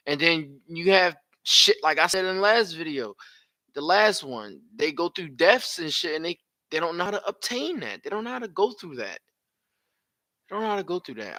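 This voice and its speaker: A man reacts to a video with blunt, profane commentary. His voice is bright and lively, swinging widely in pitch, and the sound is close and dry. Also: no room sound. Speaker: live reaction streamer.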